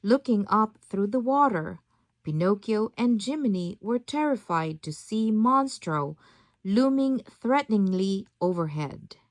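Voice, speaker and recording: A woman narrating a children's storybook aloud in a measured, expressive reading. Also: mid-range voice, no room sound. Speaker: storybook reader.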